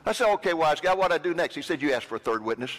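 A man preaching a sermon, telling a personal story with lively quoted voices. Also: on the high side, racing, a little hiss or hum. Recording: long hall reverb.

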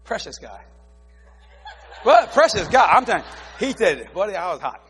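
A middle-aged male preacher telling a story in his sermon, animated, acting out dialogue and laughing often. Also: high-pitched, fast talker, long reverb tail, faint music behind. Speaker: preacher, head of a ministry.

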